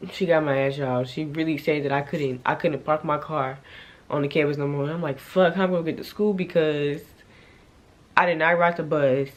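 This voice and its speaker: A young woman tells a story straight to her camera. Her talk is casual and animated, jumping between loud outbursts and hushed, low asides. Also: normal speed. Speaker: vlogger.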